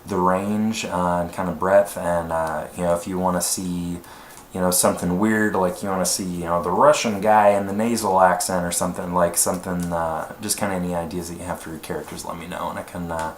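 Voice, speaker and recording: A male voice actor talking casually about his demo reel, relaxed, with many fillers. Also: low voice, a little fast. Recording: echoey room, faint noise.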